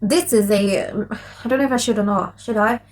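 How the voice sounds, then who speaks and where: A woman's voice: medium pitch, brisk, a little mellow, slight background noise, rough recording. A young woman, talking casually to her viewers in a chatty, giggly, apologetic way. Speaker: vlogger. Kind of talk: casual chat to camera, reading messages aloud.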